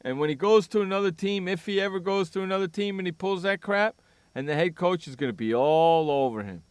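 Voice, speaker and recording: A man's voice: sits high, brisk, clear, resonant tone, no room sound. A man hosting sports talk radio, ranting bluntly and sarcastically about a player.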